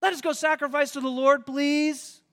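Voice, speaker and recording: Guy playing two begging whiny dudes, high pitched, pleading nonstop. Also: steady tone, normal speed, a bit bright. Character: two desperate pleading male petitioners.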